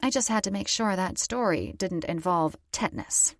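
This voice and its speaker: A woman's voice: medium pitch, moderate pace, no room sound, studio quality. A woman narrating a first-person romance audiobook in a wry, conversational storytelling manner.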